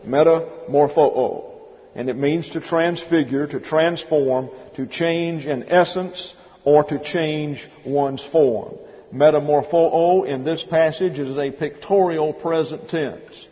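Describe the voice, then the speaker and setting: Speaking slowly in a steady, slightly high voice, a male pastor gives an expository sermon teaching from the Bible. He drills the passage word by word with emphasis, halting to spell each Greek term letter by letter, all in a dull church hall with long reverb.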